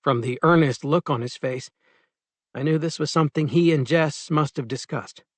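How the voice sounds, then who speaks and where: Guy narrating an audiobook short story, first person, steady, bit high voice, dry close mic. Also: normal speed, no echo.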